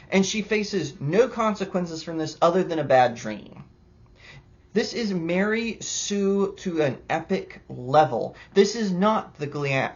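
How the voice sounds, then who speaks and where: A man's voice: a little high, highs cut off. A young man reviewing a TV show in an exasperated, sarcastic rant, stumbling and restarting as he talks. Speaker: video host, show reviewer. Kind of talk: ranting commentary review.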